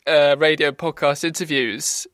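Woman interviewer, very deep voice, short encouraging replies, dry close sound. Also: steady tone, a little slow, a bit bright, no echo. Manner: brief encouraging interjections and questions. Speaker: interviewer host. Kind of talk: casual interview chat.

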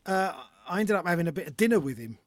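Brief: man, 50s, high-pitched, dry close sound, chatty guest who acts out stories. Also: fast talker, dry recording. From North London, England. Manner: animated storyteller, acts out voices. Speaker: guest author and comedian. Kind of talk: casual chat.

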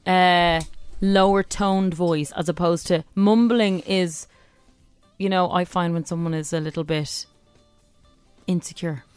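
A woman co-hosting a radio show, speaking in a husky, somewhat hoarse voice, frank and self-deprecating. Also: on the low side, steady tone, measured pace, a little mellow, dry recording, soft background music. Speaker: radio co-host. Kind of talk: casual radio chat.

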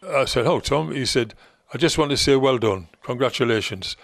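A man's voice: mid-range voice, normal speed, dry recording, studio quality. An older man, a former football manager, telling rambling stories in conversation and acting out other people's lines. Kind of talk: anecdotal storytelling in conversation.

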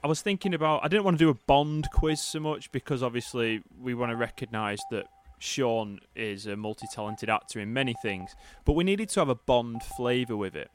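A man's voice: medium pitch, brisk, hardly any pauses, soft background music. A man hosting a casual quiz on a podcast over a video call, chatty and explaining the rules with restarts.

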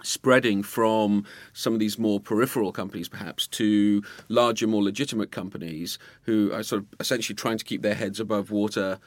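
Measured low-voiced male journalist. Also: steady tone, no room sound. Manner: measured, restarts phrases. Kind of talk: casual discussion.

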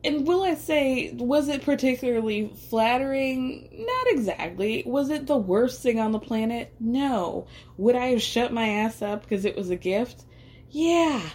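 A woman's voice: fairly high pitch, lively intonation, unhurried, darkish tone. A woman hosting a podcast, recapping a reality show in casual commentary. She talks chattily, says "like" a lot, asks rhetorical questions and laughs often. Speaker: podcast host.

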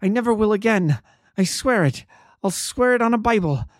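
A man voicing a frightened young male thief who pleads in a high, shrill, cringing voice. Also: moderate pace, no room sound, studio quality, lightly acted. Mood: desperate pleading.

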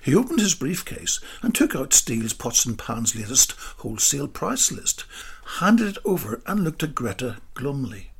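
A man narrating a story slowly, dropping into whispered asides. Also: mid-range voice, sing-song, gravelly, slightly rough. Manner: slow, drawn-out delivery with whispered asides.

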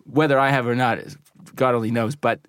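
A man's voice: mid-range voice, steady tone, fairly quick, a bit bright, clear, resonant tone, no echo. Rambling man, dry close sound. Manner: rambling anecdotes with laughs and restarts. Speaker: recording and mixing engineer, guest. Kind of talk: casual interview chat.

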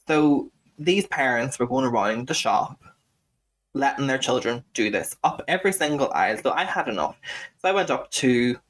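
A man's voice: mid-range voice, expressive, normal speed, fairly bright tone. Ranting sweary Scouse man. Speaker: podcast co-host. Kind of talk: casual podcast chat.

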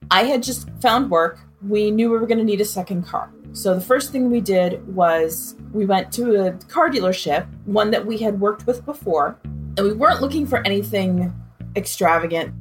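Woman, mid-pitched voice, lively personal storytelling, faint guitar behind. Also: moderate pace. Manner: expressive, acts out quoted voices. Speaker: interviewee.

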